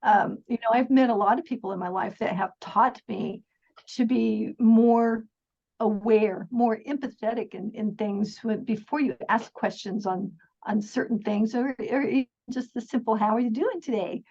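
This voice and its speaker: Middle-aged woman, husky higher voice, earnest and chatty, dull lo-fi sound. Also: moderate pace, a little mellow. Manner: chatty, earnest, laughs often, many restarts. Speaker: podcast guest. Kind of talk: casual storytelling interview.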